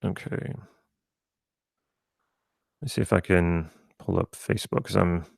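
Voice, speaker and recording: A man's voice: low-pitched, unhurried, gravelly, no echo, studio quality. A man from South Louisiana with a mostly neutral American accent, rambling conversationally as a coach on a live stream, with many restarts. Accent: General American, from South Louisiana. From rural South Louisiana, USA. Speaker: NLP coach.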